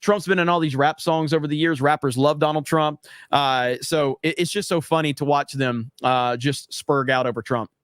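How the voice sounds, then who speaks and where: Young male streamer; sarcastic, rambling, filler-heavy; slightly high, dry close sound. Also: fairly even intonation, moderate pace, a bit bright, no echo. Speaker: livestream host. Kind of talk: casual livestream commentary.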